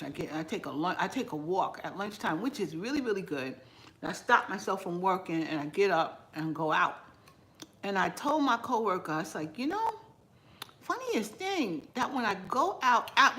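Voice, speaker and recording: Seorang perempuan dengan aksen New mengobrol santai sambil makan di dapur rumahnya, bicaranya bertele-tele dan kadang dengan mulut penuh makanan. Nada suaranya sedang, khas vlog masak yang direkam di rumah. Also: female voice, medium pitch, fairly bright tone. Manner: chatty, rambling, talks while eating with mouth full. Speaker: cooking vlogger. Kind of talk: casual eating vlog chat with live viewers. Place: home kitchen.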